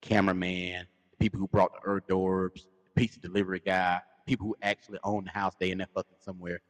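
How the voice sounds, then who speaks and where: A man co-hosting a casual podcast with a Southern US accent, telling stories in an animated way and acting out quotes. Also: sits low, fast talker, in a large hall. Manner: animated storytelling, acts out quotes. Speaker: podcast co-host. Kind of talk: casual chat.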